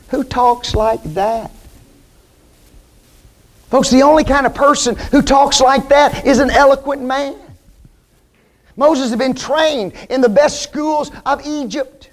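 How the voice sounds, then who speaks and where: High-voiced preacher man, emphatic. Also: fairly even intonation, takes it slowly, long pauses. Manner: emphatic, rhetorical questions to the congregation. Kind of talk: sermon.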